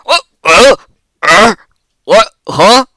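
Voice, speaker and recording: A pompous little goblin official sputters and stammers with wounded pride, put on by a game master. The voice leaps all over, bright and crisp, recorded close and dry. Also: animated, drawn-out words, no room sound, full character voice, rough recording. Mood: flustered. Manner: indignant, stammering, high-strung. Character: pompous, fussy male goblin official, easily flustered.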